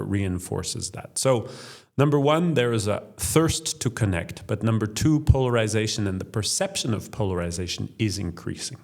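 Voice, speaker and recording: Gravelly low-voiced man explaining. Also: darkish tone. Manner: structured, explanatory, lists points in order. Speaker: think tank chief executive, podcast guest. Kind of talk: interview answers.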